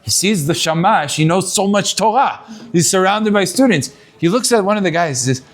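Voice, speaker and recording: Speaking at a moderate pace in a high-pitched voice, a rabbi delivers a sermon to students, telling a story with animation and sprinkling in Hebrew terms.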